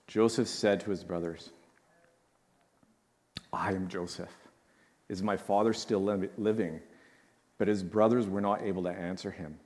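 A man preaching a sermon, reading scripture quietly and then commenting with feeling. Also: fairly low pitch. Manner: reads slowly and softly, then comments with emotion. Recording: long hall reverb.

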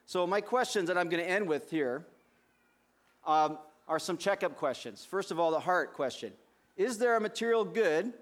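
A man preaching a sermon as pastor, speaking conversationally with frequent restarts. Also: high-pitched.

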